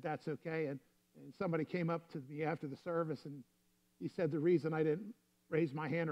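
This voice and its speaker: Lo-fi man preaching a sermon. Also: a little high. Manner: storytelling, conversational preaching. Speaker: pastor.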